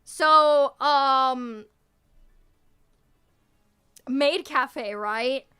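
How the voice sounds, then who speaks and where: A woman's voice: high voice, extremely slow, sharp tone, clean tone. A young woman VTuber chatting casually with her viewers, playful and teasing, laughing often and cutting herself off mid-sentence. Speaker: VTuber streamer. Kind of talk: casual stream chat, answering viewers.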